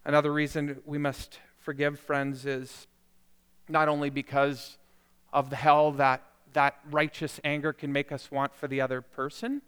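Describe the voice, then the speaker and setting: Preacher, male, high clear voice, sermon in a reverberant sanctuary, rising from reflective to impassioned. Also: flat delivery, unhurried. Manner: builds from quiet reflection to impassioned emphasis. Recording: long hall reverb.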